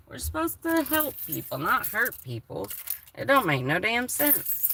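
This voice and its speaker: A woman's voice: fairly high pitch, huge pitch swings, a little slow, sharp tone, a little hiss or hum. A woman chatting candidly on a livestream, emotional and swearing freely. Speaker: live streamer. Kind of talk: casual livestream chat.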